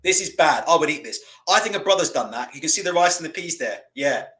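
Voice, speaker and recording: Animated, high-voiced man. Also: quick pace, slight background noise. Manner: animated, swears freely, laughs often. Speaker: live streamer. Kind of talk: live stream commentary.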